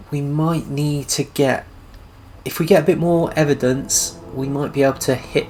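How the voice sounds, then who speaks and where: A man's voice: mid-range voice, a little mellow, a little hiss or hum. A man casually musing aloud as he plays through a detective video game. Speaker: gamer. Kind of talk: gameplay commentary. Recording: game music behind.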